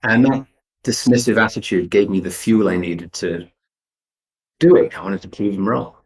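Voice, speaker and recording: English man, very low voice, animated storyteller, restarts sentences, interview guest. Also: normal speed, low-quality recording. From England. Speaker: guest entrepreneur.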